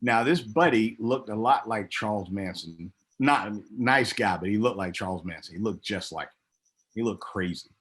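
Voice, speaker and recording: A middle-aged former pro wrestler, appearing as a guest in a casual interview, tells stories in a husky voice at a moderate pace. He's an animated storyteller who acts out other people's lines with big jumps in pitch.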